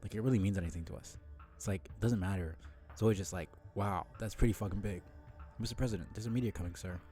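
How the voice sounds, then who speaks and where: Male reader as sardonic teen boy, rambling and cocky, low warm voice. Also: quick pace, soft background music, natural voice. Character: laid-back sardonic teenage boy who rambles.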